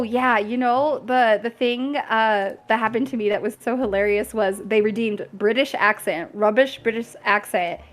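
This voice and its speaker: Young woman with a bubbly, giggly voice. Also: on the high side. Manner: giggly, laughs often. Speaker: streamer. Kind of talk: casual chat.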